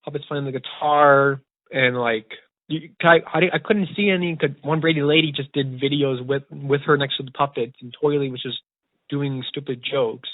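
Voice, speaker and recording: A man's voice: mid-range voice, steady tone, normal speed, no room sound. A young man who works as a puppeteer, telling his story in a rambling, eager way full of restarts. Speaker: puppeteer and podcast host. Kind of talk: casual storytelling chat. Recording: tinny phone-like dry sound.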